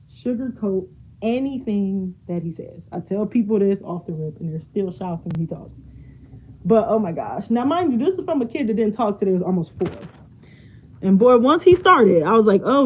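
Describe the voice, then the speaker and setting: A woman's voice: mid-range voice, a little mellow, a little hiss or hum, rough recording. A young woman chatting casually while she cleans her home, laughing often and drifting away from the mic as she moves. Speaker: vlogger. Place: home, moving around rooms.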